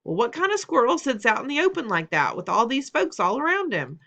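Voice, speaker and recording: A chatty country boy from Arkansas talks with an easy Southern drawl, as a woman puts him on. He is friendly and eager, his voice pitched up and bright. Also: very animated, brisk, vocal fry, full character voice. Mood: boastful.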